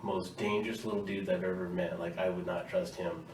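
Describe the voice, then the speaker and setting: A man with a fairly low voice tells stories as a podcast guest, animated and quick to laugh. He sounds a little away from the mic in an echoey room with a faint hiss behind him. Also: recorded from a distance. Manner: animated storyteller, laughs often. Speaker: guest, army veteran. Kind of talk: casual podcast interview.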